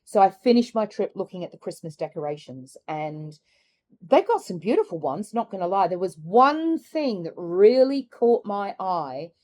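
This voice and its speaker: A middle-aged woman chatting candidly in a personal vlog, musing aloud and laughing softly between thoughts. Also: medium pitch, very animated, normal speed. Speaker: carnivore diet vlogger. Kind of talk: reflective personal vlog chat.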